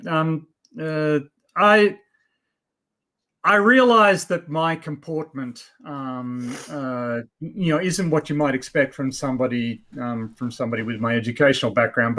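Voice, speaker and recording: A man's voice: on the high side, measured pace, a bit bright. Man in his 50s, host, casual chat, blunt, rambling, filler-heavy.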